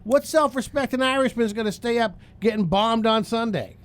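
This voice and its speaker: A man co-hosting a podcast in loud, joking casual banter, often jumping up in pitch. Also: fairly quick. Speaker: podcast co-host.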